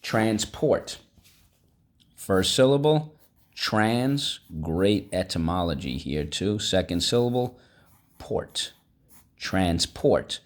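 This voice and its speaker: A man's voice: sits low, lively intonation, slow. A man teaching a vocabulary lesson, upbeat and coaxing, repeating each word for students to echo.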